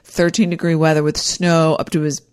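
A woman casually telling a personal story, animated and rambling, with frequent restarts. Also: deep voice, moderate pace, smooth. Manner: animated, acts out quoted dialogue.

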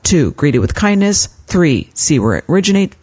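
A woman speaks on her self-help podcast in a gentle, encouraging way. Her pitch swings widely as she coaches the listener. She is calm and kind as she gives advice. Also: normal speed, slightly rough. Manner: gentle, encouraging, acts out her inner voice in quotes. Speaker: podcast host and life coach.

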